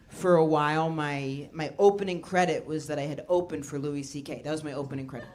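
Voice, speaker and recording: A woman performing a stand-up set, telling stories in an animated way and acting out what people said. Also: lowish voice, fairly quick. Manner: animated storytelling, acting out quotes. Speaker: stand-up comedian. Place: comedy club stage. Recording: live club recording with audience noise. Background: audience laughter.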